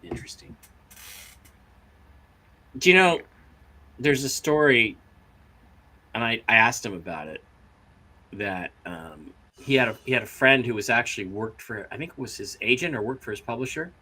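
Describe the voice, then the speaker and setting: Animated storytelling man, bright voice. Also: mid-range voice, moderate pace, long pauses, husky. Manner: animated, acts out quotes in raised voices. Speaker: co-host. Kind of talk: casual storytelling chat.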